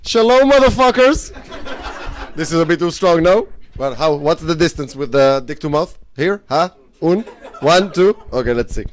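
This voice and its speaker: Guy starting a stand-up set, jittery and jokey, a bit high voice. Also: moderate pace. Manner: nervous, joking, self-conscious. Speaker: stand-up comedian. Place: live comedy show in a bar.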